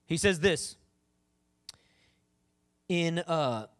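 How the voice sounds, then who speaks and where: A woman preacher giving a sermon in a conversational, animated way, often acting out the voices of the people she talks about. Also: fairly low pitch, extremely slow.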